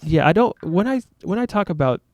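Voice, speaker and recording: A man's voice: sits high, sing-song, brisk, darkish tone, muffled recording. A man talking to his viewers as a YouTuber in a casual, reflective monologue, earnest, rambling and self-critical.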